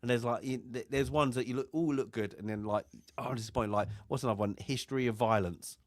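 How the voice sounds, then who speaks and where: A man's voice: mid-range voice, fast talker, no room sound, clean studio sound. A man co-hosting a film review chat, talking in a rambling way with many fillers and restarts. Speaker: film club co-host.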